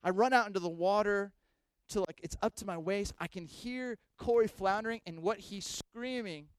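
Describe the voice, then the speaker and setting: A man preaching a sermon, telling a story with animated swings between loud bursts and hushed asides. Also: high-pitched, normal speed, smooth. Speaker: pastor.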